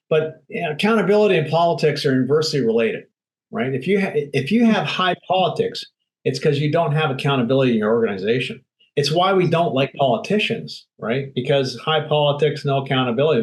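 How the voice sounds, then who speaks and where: A man's voice: mid-range voice, rough recording. A man speaking bluntly and emphatically as an interview guest, acting out little quoted exchanges. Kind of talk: candid interview talk.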